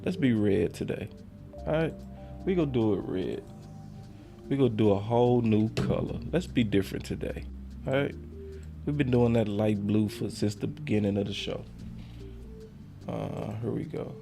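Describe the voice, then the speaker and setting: A man hosting a sports talk livestream, swinging from loud theatrical hype to quiet muttered asides while reading chats. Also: fairly low pitch, normal speed, creaky, pauses often, over music. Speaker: sports show host.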